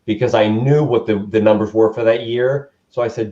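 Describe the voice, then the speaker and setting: A man telling a story as an interview guest, animated and acting out what people said, with laughs. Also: fairly low pitch, a little fast. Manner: animated, acts out quotes with laughs. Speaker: guest musician. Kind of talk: casual storytelling. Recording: dull lo-fi sound.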